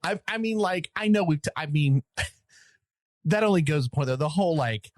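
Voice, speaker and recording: A man's voice: on the high side, animated, normal speed, no echo, studio quality. A man with a Southern accent co-hosting a podcast, telling stories in casual chat, laughing often and mimicking voices. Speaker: podcast co-host.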